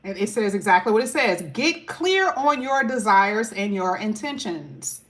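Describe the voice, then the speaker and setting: A woman's voice: medium pitch, sing-song, a little slow. A woman talking casually through a tarot card reading. She is chatty and emphatic and stretches out key words. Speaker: tarot reader.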